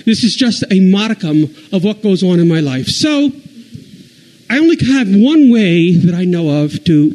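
A man with a notably high voice tells a rambling stand-up story about his household. He mocks himself and keeps stumbling and restarting his sentences. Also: dark tone, low-quality recording. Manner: rambling, self-deprecating, halting restarts. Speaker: comedian.

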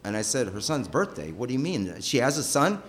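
A middle-aged man telling a personal story with emotion. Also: brisk. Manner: emotional, animated, pitch rising and falling sharply.

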